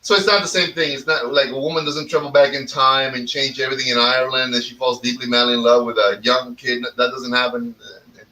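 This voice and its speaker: A man hosts a laid-back talk show, drifting between topics, ribbing his friends and swearing freely. His voice is bright and sits a little back from the microphone. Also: mid-range voice, little pitch movement, brisk, far from the mic, rough recording. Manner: rambling, teasing, swears freely. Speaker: host of a cigar talk show. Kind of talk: casual chat.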